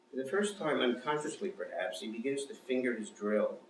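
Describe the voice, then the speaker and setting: A man's voice: mid-range voice, animated, brisk, recorded from a distance. Man reading his story aloud. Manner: dry, wry storytelling. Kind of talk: live fiction reading. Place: small performance venue with audience. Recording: echoey room, mic from afar, faint noise.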